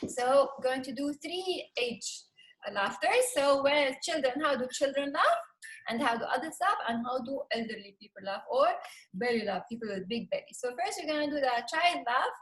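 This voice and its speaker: A woman's voice: high-pitched, expressive, normal speed, fairly bright tone, rough recording. A woman leading a laughter yoga session over a video call, cheerful, laughing often and calling out "yay". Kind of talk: live webinar instruction.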